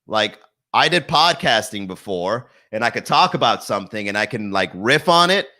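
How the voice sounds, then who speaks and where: A young man talks to his live-stream audience from his garage, running on and on in loose riffs. His voice is bright and forward, and he laughs at his own jokes as he goes. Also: lowish voice, animated, normal speed. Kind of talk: casual live-stream comedy chat. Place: home garage.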